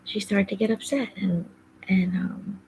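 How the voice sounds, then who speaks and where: A woman's voice: mid-range voice, steady tone, unhurried, gravelly, darkish tone, a little hiss or hum, low-quality recording. A woman hosting a podcast, talking casually and rambling with many fillers, often dropping into a whispery undertone. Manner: rambling, heavy use of fillers like "like" and "um". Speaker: podcast host. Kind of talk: casual personal monologue.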